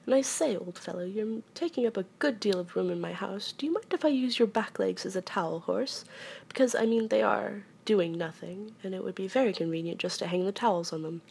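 A woman's voice: mid-range voice, a little fast, gravelly, darkish tone, breathy edge. Rabbit, a woman doing a fussy, prim rabbit. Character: fussy, polite male rabbit, careful host.

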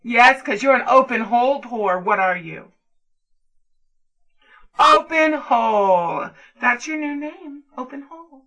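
A woman's voice: a little high, expressive, normal speed, few pauses, sharp tone, dull audio. A woman performing an adult audio role-play in a commanding, taunting manner.

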